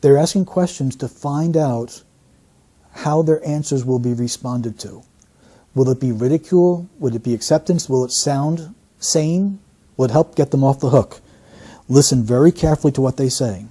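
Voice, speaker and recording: Husky, mellow-voiced male analyst. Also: medium pitch. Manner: deliberate, teacherly. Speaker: statement analyst. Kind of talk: explanatory commentary.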